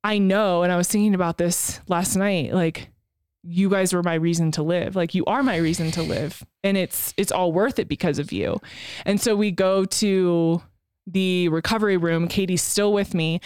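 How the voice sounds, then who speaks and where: A woman's voice: lowish voice, steady tone, normal speed, darkish tone, clear, resonant tone, no echo, clean studio sound. A woman in her thirties telling a personal story as a podcast co-host, frank and emotional, swearing casually.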